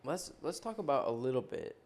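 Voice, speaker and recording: A man's voice: medium pitch, very animated, brisk. A man in his twenties co-hosting a podcast, chatting in a laid-back way with short agreements. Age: 20s. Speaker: podcast co-host. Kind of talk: casual chat.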